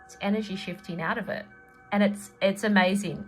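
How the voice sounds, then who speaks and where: A woman's voice: medium pitch, steady tone, fairly quick, soft background music. Chatty woman reading tarot. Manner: chatty, rambling, with many fillers and laughs. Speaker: tarot reader and energy healer. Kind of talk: casual spoken tarot reading.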